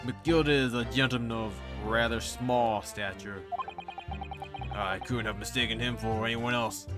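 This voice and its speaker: A man's voice: medium pitch, fairly even intonation, a little slow, music in the background, lightly acted. A man voicing a nervous banker witness who stammers and apologises.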